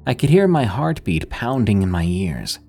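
A man reading a scripted horror story in a measured, suspenseful way. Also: lowish voice, sing-song, gravelly, dark tone, breathy edge, soft background music.

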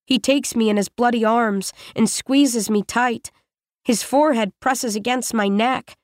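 A woman narrating an audiobook in the first person, in a measured, even voice with short, plain sentences. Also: fairly high pitch, no echo, studio quality.

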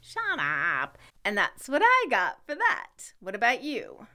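Woman, middle-aged, podcast co-host; playful, teasing, bright and lively delivery. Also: on the high side, slow. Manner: playful, teasing, laughs often. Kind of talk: casual chat.

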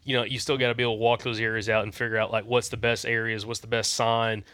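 A man, a podcast co-host chatting in a quick, teasing, easygoing way. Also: medium pitch, level tone, pushed and bright. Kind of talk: casual podcast chat.

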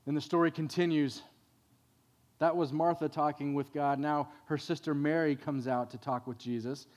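A man preaching a sermon, swinging between hushed reflection and emphatic, dramatic points. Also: fairly high pitch, steady tone, normal speed. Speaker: pastor.

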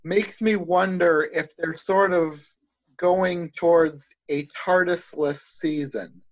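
A man with a slightly high voice talks eagerly in casual chat. He rambles and restarts as he thinks aloud. The recording is dull and lo-fi, with a dry, close sound. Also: fairly even intonation, slow pace, dry recording.

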